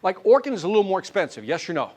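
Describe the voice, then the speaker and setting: Guy running a sales seminar, pitch jumps all over, keeps tossing questions at the room. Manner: animated, quizzes the audience with quick questions. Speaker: sales trainer. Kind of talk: live sales seminar talk. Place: training classroom with a live audience.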